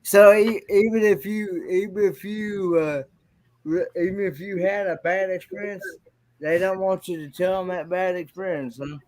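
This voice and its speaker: A man co-hosting a casual livestream chat, halting and repeating his starts. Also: sits high, fairly even intonation, darkish tone, dry recording. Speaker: co-host.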